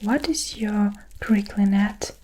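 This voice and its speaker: A woman voicing a kindly old male giant in a whispered role-play, speaking in hushed, earnest tones with muddled grammar. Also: mid-range voice, slow, slight background noise, lightly acted.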